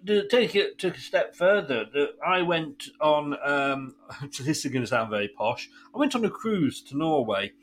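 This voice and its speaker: A man's voice: a little high, lively intonation, moderate pace, slight background noise. A middle-aged man hosting a radio show, chatting with a caller and laughing through his stories. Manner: chatty storyteller, laughs often. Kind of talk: casual chat with a caller.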